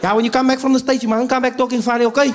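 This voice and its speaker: A man putting on an eager, overfamiliar male fan, loud and drawn out. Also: very high-pitched, flat delivery, voice pushed up. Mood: pleading. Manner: loud, wheedling, drawn-out words.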